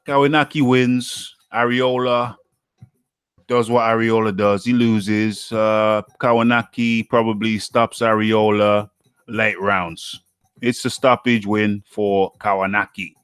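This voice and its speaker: A man's voice: fairly low pitch, a bit bright, smooth, no echo. A man from the UK hosting a live boxing talk stream, chatting casually and reading out viewer names and comments.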